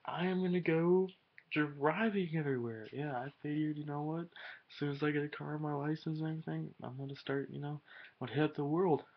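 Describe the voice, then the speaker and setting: A man's voice: medium pitch, lo-fi sound. A teenage boy rambling in a casual webcam vlog, slangy and swearing a lot. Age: teens. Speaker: vlogger.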